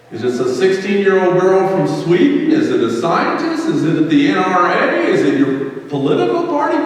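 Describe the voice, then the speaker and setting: A man's voice: high voice, slight background noise. A male pastor delivering a sermon, full of rhetorical questions and rising fervor. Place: church sanctuary. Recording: echoey church hall from far off.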